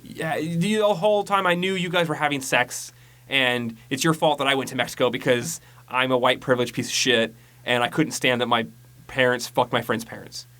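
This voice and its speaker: A man's voice: medium pitch, fairly even intonation, moderate pace, bright, forceful tone. A man casually recapping a horror movie on a podcast, rambling and profane, mocking the plot and mimicking lines. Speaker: podcast co-host.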